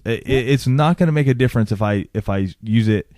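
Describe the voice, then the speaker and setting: A man in his thirties talks in a very low, mellow voice that is hoarse from a sore throat. He rambles casually and vents his frustration as he co-hosts a podcast. The recording is dry and close. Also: fairly quick, no room sound. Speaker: podcast co-host. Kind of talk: casual chat.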